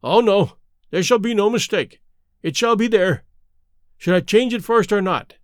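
Guy doing a gruff blustering old trainer, dry close sound. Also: sits high, normal speed, dry recording, lightly acted. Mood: cowed pleading. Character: fierce elderly male horse trainer, blustering bully turned cowed.

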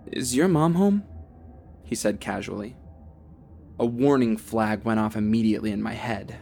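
A young man narrating a first-person horror story, steady and tense, with a gravelly, fry-laden voice. Faint music drifts under the narration. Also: fairly low pitch. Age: young adult.

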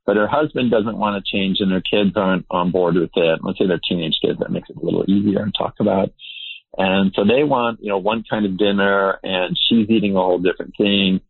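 A man's voice: low voice, creaky, slightly rough, no echo. A male researcher, interviewed as a guest, explaining his ideas in an earnest, emphatic way. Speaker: behavior researcher. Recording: tinny phone-like line.

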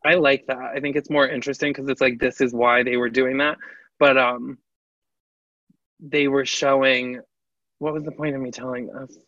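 A man co-hosting a casual podcast chat, animated, laughing often and acting out what people said. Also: mid-range voice, normal speed, dry recording. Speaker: podcast co-host. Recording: slightly dull, lo-fi audio.

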